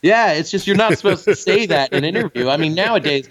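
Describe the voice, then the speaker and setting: A man's voice: high-pitched, quick pace. A man co-hosting a podcast, telling crude comic stories and jumping into voices for the people he quotes. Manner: animated storyteller, does voices in quotes. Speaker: podcast co-host. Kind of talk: crude comedic banter. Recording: muffled lo-fi podcast audio.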